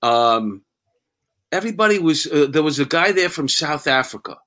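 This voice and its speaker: A man who acts, chatting casually and telling animated stories. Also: on the high side, moderate pace, rough recording. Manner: animated storyteller. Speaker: actor. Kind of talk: casual chat.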